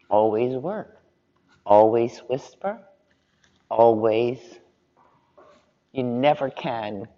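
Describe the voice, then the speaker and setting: A man speaking on a panel, telling stories and giving advice in a relaxed, conversational way. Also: mid-range voice, in a large hall, lo-fi sound. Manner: unhurried, conversational, chuckles while telling stories.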